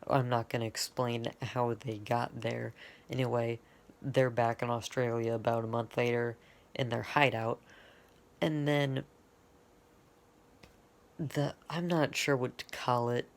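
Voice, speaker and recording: A man's voice: mid-range voice, fairly even intonation, a little slow, creaky. A man casually retelling his own fan-made story, rambling and stopping often to correct himself. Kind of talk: off-the-cuff fan lore retelling.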